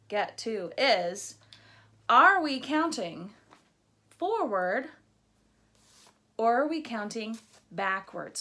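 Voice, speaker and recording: A woman teaching a math lesson to young children on video, playful and encouraging as she talks straight to them and counts out loud. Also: mid-range voice. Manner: slow, drawn-out counting aloud.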